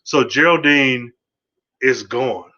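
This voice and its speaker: A man hosting a podcast, giving a casual, rambling solo review of a TV episode, excitable and swearing freely. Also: mid-range voice, takes it slowly, muffled recording.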